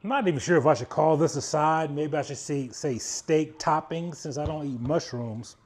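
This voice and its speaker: A man's voice: a little high, normal speed, darkish tone. A man hosting an outdoor grilling video, talking viewers through each step in a chatty way and joking with them. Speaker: cooking channel host. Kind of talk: casual cooking demonstration.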